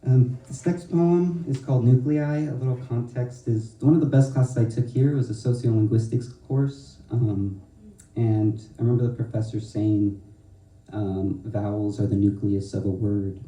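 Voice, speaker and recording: A young man, a student poet, reading his poems aloud in a slow, measured way with pauses, and chatting hesitantly between pieces. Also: medium pitch, fairly even intonation, warm tone. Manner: hesitant filler-heavy asides between poems. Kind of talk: poetry reading. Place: event hall with audience. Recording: roomy hall, mic far off.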